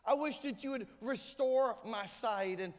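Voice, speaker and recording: In a church sanctuary with hall reverb, a pastor with a very high voice preaches to his congregation at an unhurried pace. He's emphatic and sometimes acts out the voices of people in his story.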